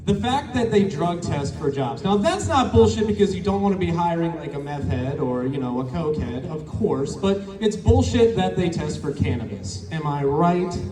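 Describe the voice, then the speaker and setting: High-voiced man doing crude stand-up. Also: expressive, moderate pace, few pauses. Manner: crude, rambling storytelling with acted-out quotes. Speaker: stand-up comedian. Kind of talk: stand-up comedy set. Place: open mic show in a bar or small venue. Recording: echoey room, mic from a distance. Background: crowd reactions.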